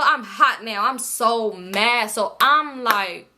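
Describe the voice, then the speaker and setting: A young woman tells her viewers a story in a bright, fairly high voice. She talks in an animated way and swears freely as she goes. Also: slow pace, few pauses, slight background noise. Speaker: vlogger. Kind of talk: storytime vlog.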